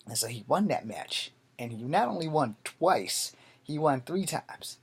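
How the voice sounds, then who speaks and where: A man telling a personal story in a vlog, animated and profane, swinging between loud and soft. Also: fairly high pitch, measured pace, slightly rough. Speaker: martial arts vlogger.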